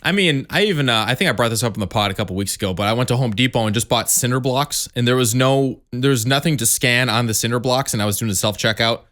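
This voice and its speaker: A young man co-hosting a podcast tells a story in rapid, profane casual chat. He acts out each quote as he goes, at a middling pitch. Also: fairly bright tone. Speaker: podcast co-host.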